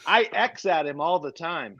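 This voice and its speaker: A man's voice: a little high, expressive, normal speed, sharp tone, dry recording. A man in casual comedy banter, joking and playful, stretching out his punchlines. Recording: dull lo-fi audio.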